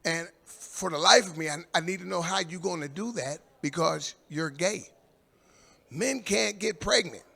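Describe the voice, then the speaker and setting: An older man from Indianapolis doing a stand-up comedy set, telling long profane stories and shouting out the lines of the people in them. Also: fairly high pitch, moderate pace, gravelly, few pauses. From Indianapolis, USA. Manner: profane, rambling storytelling with shouted quoted voices. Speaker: stand-up comic. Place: live comedy stage.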